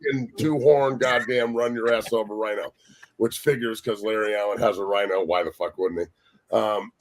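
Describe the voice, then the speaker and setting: A man, a former pro football player, telling profane, animated stories as a guest on a sports talk show. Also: medium pitch. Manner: profane, animated, acts out quotes.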